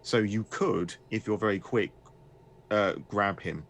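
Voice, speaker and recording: Low-voiced male game master, rambling. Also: measured pace, a bit bright, slight background noise. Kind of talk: running a tabletop horror game.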